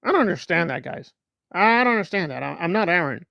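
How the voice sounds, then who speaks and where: A man putting on a whining, mocking falsetto as a tearful female online streamer. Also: very animated, quick pace, vocal fry, bright, forceful tone, dry recording, clean studio sound, full character voice. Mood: whiny.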